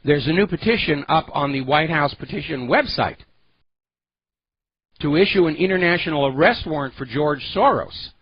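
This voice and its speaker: A man's voice: a little high, expressive, moderate pace, highs cut off, a little hiss or hum. A man hosting a political talk radio show, delivering an opinionated, sarcastic monologue with heavy emphasis.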